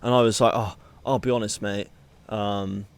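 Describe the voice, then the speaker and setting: A man's voice: on the low side, fairly even intonation, normal speed, clean tone. A young man chatting casually as a podcast co-host, rambling and laughing often at himself. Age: young adult. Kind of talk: casual chat.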